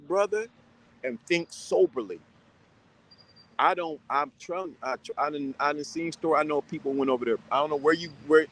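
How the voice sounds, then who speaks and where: Mid-range in pitch and caught on a rough recording, this man sternly dishes out casual advice to his viewers. He rambles, hammers the same points again and again, and keeps restarting.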